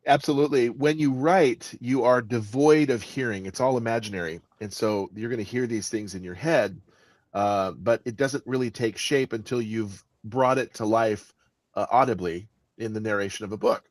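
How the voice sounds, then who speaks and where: A man speaking as the guest author in an interview, with an expressive delivery that stresses words and often restarts his sentences. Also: mid-range voice, moderate pace, no echo. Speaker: guest author and audiobook narrator. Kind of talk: conversational interview answers.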